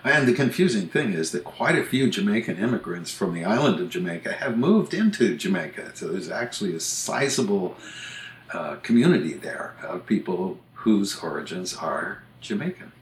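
Older male co-host, very low voice, chatty reader, echoey room. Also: sing-song, moderate pace. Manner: chatty, reads entries aloud. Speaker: podcast co-host, author. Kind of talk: casual chat and reading aloud. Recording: roomy echo.

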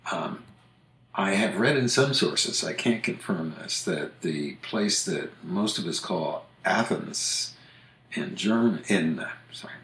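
A man's voice: sits low, fairly bright tone. An older man hosting a casual podcast chat, musing aloud and correcting himself as he goes. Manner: musing, self-correcting, chatty. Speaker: podcast host. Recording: roomy echo.

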